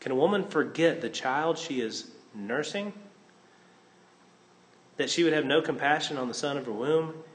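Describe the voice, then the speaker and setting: A male pastor delivering a sermon in a high voice. He swings from loud, emphatic exclamations to hushed, intimate asides. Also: moderate pace, long pauses.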